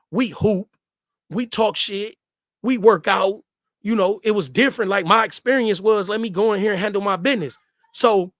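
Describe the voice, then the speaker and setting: A man's voice: high-pitched, a bit bright, no echo, clean studio sound. A man in his thirties casually telling a story in loose street slang and repeating himself for emphasis.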